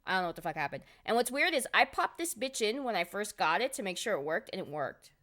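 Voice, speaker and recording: Her voice sits at a medium pitch, sing-song and fast, with a pushed, bright quality. She's a game streamer chatting casually on a live stream, rambling and cursing as she vents her exasperation.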